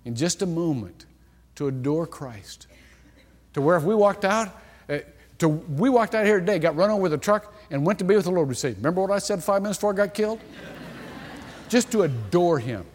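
A middle-aged man preaching a sermon, telling stories with lively acted-out dialogue. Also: a little high, a little hiss or hum. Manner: animated storytelling, acts out quoted dialogue. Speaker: pastor. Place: church sanctuary. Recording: long hall reverb.

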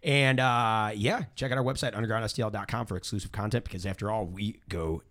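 男性播客主持人，闲聊，口头语很多. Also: male voice, lowish voice, fairly even intonation, fast talker, a bit bright. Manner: rambling, many fillers and restarts. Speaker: podcast host. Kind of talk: casual podcast chat with ad reads.

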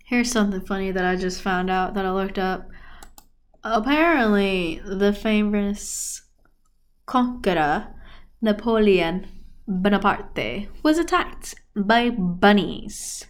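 A woman's voice: mid-range voice, animated, slow. A young woman hosting a podcast, rambling in a laid-back, slangy way with lots of fillers. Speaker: podcast host. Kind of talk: casual rambling monologue.

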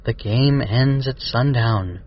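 A man's voice: mid-range voice, takes it slowly, lo-fi sound. A man voicing a sad, lonely ghost creature with a wavering voice. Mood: forlorn.

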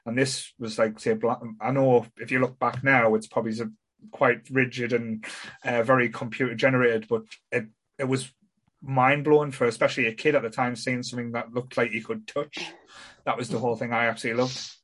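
A man's voice: medium pitch, flat delivery, fairly bright tone. Stammering man on a podcast. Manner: halting, stammers and restarts often. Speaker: podcast co-host. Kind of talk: casual podcast chat.

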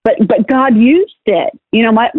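A woman's voice: a little high, expressive, normal speed, husky. A candid woman minister talking casually in an interview, often starting over mid-sentence. Her voice comes through a narrow, tinny, phone-like line. The sound is dry, with no room echo. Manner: candid, frequent restarts. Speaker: guest minister.

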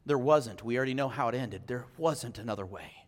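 A male pastor preaching a sermon in a church, moving between hushed reflection and fervent appeals. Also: mid-range voice, a little fast, big-room sound. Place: church sanctuary.

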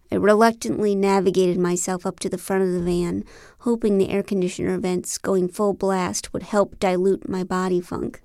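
A woman narrating a novel in the first person, with a wry, deadpan delivery. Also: mid-range voice, normal speed, gravelly, no room sound, clean studio sound. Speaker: audiobook narrator.

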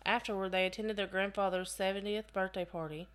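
A woman's voice: medium pitch, steady tone, brisk, clear, resonant tone. A woman co-hosting a casual podcast, reading case notes aloud and breaking off into chatty asides. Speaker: podcast co-host.

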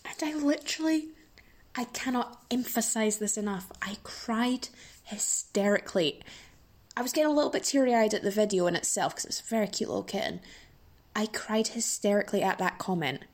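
A woman's voice: medium pitch, brisk. A sleep-deprived woman in her twenties hosting a solo podcast, rambling through a casual rant with dramatic, self-mocking asides. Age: 20s. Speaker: podcast host.

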